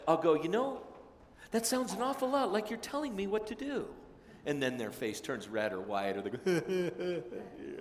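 A male pastor preaching a conversational, self-deprecating sermon, slipping into lively voices when he quotes people. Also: fairly high pitch. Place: large church sanctuary. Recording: echoey sanctuary, long reverb.

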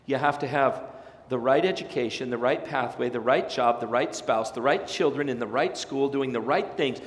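A male pastor with a mid-range voice preaches at a moderate pace, full of fired-up energy as he animatedly acts out the voices of his listeners. He's in a large church sanctuary, and the echoey room gives the recording a long reverb.

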